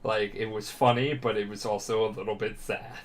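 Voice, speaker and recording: A man's voice: lowish voice, brisk. A drunk man co-hosting a podcast, rambling and swearing as he retells a story in a casual way. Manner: rambling, profane, animated. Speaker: podcast co-host.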